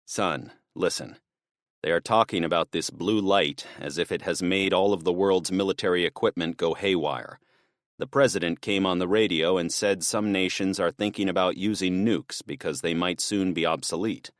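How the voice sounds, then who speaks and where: Casting: a man voicing a deep, protective middle-aged dad, calm and firm, audiobook reading. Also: moderate pace, dry recording, studio quality, lightly acted. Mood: firm worried. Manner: calm, firm, serious instructions. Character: steady middle-aged father, protective and practical.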